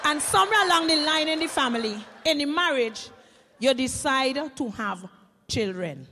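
Animated high-voiced Vincentian woman storyteller. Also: moderate pace, long reverb tail, a little hiss or hum. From Saint Vincent and the Grenadines. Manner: animated, lively, addresses audience. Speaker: comic storyteller, teacher. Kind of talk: comic stage storytelling.

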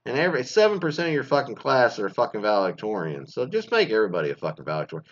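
Fast-talking with hardly a pause, a middle-aged man from the Dallas area rants about the news in a crude, sarcastic, cursing monologue. His mid-range voice is sing-song and fairly bright, though the lo-fi audio sounds dull.

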